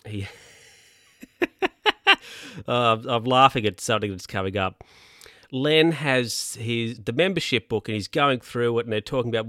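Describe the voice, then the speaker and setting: A man's voice: medium pitch, measured pace, pauses often, pushed and bright, no echo, studio quality. A man casually recapping a film, rambling with lots of fillers and asides.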